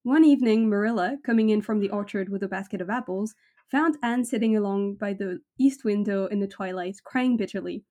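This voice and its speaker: A woman hosting a casual podcast chat, reading book extracts aloud with lively expression and laughing often. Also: medium pitch, brisk. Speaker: podcast host.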